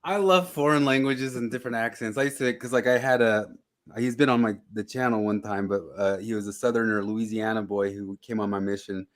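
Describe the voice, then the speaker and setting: A man's voice: fairly low pitch, steady tone, fairly quick. A man chatting casually as a podcast guest, rambling and laughing as he talks. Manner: rambling, laughing, restarts often. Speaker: podcast guest with his own channel. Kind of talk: casual chat.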